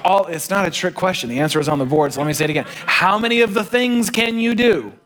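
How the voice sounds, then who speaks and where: Conversational pastor preaching. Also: male voice, high voice, fast, noisy background. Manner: conversational, storytelling, varied emphasis. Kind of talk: sermon.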